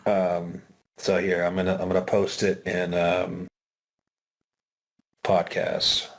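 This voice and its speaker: A man with a lowish voice co-hosts a casual podcast. He chimes in with relaxed, easygoing remarks in a conversational tone. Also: slow. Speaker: podcast co-host.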